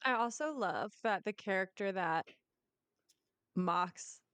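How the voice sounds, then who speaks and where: A woman's voice: mid-range voice, expressive, slow, fairly bright tone, clean tone, dry recording. A woman co-hosting a casual book podcast, musing with hesitant restarts. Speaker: podcast co-host.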